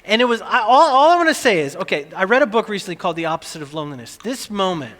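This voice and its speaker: A middle-aged man preaching a sermon, telling a family story with lively, animated delivery and acted-out screams. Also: high-pitched, very fast, in a large hall. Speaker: pastor.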